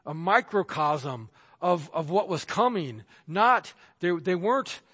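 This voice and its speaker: Speaking slowly and with animation, a male pastor preaches in an emphatic, somewhat high voice that is fairly bright and slightly rough. He acts out the voices of those he quotes, and the long reverb suggests a large church sanctuary.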